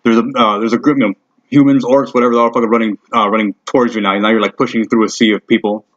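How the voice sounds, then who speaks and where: A man's voice: medium pitch, fairly even intonation, rapid-fire. A man narrating a tabletop game as game master, casual and swearing heavily, in a dull lo-fi recording.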